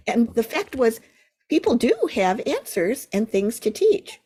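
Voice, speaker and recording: A woman's voice: on the high side, sing-song, measured pace, dark tone, slightly rough. An older American woman, a Zen teacher, telling a vivid story as an interview guest. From United States.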